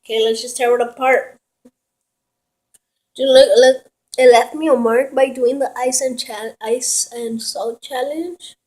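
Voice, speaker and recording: A woman's voice: high voice, fairly even intonation, measured pace, a little mellow, a little hiss or hum, poor audio. A woman vlogging casually at home in her kitchen, rambling, swearing and giggling as she talks.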